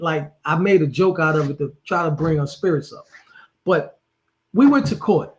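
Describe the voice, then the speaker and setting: A man in a casual chat, relaxed and joking as he tells his side of the story. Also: on the high side, moderate pace, low-quality recording. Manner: relaxed, joking, laid-back. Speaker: guest, her partner.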